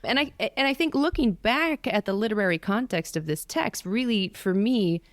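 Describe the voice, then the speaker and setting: A woman biblical scholar in casual panel talk, lively and dramatizing quotes with sudden jumps in pitch. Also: moderate pace, no echo, studio quality. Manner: animated, acts out quoted voices with big pitch jumps.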